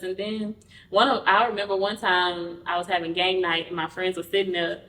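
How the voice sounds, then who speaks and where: A woman guest telling a personal story in an interview. She talks candidly and acts out the quoted dialogue with lively energy. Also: medium pitch, normal speed. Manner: candid, conversational. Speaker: podcast guest. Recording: roomy, mic at a distance.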